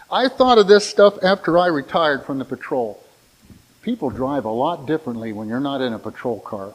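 An older man preaching a sermon in a conversational way, retelling stories with lively restarts. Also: fairly high pitch, low-quality recording.

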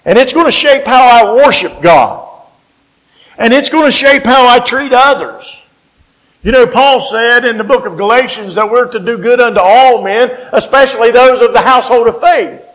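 A man with a West Virginian accent delivers a sermon in a strikingly high voice. His delivery is folksy and emphatic, and he slows down to lean on the key phrases. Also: a bit bright, poor audio. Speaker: preacher.

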